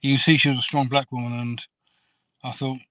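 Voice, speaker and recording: A man from England chatting as a guest on a video call, soft-spoken and a little halting. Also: medium pitch, little pitch movement, no echo. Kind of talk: casual video call chat.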